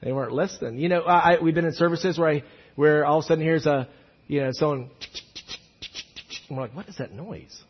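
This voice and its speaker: A man preaching a sermon as a pastor, telling stories with many restarts and shifting between loud and hushed delivery. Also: on the high side, brisk, long pauses, husky, muffled recording.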